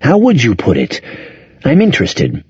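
A man's voice: mid-range voice, wildly swooping pitch, moderate pace, a little mellow, husky, no room sound, highs cut off, heavily acted. A man reading an elegant, astute woman. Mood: earnest.

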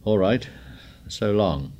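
A man's voice: fairly low pitch, animated, slow pace, a little mellow. A man reading the lines of a proud, sarcastic boy rival in an audiobook, with a mocking edge.

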